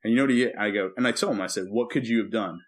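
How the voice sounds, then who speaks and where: A man's voice: on the low side, racing. A man co-hosting a podcast, a preacher telling a story in casual chat and acting out the quotes as he goes. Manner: animated storyteller who acts out quotes and sings movie lines.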